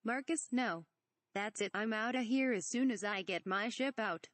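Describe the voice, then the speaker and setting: A woman's voice: fairly high pitch, moderate pace, a bit bright, no echo, close to an everyday voice. A woman voicing an irritable young male pilot, reading his snappish lines from a parody script. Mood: annoyed. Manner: exasperated, snappish.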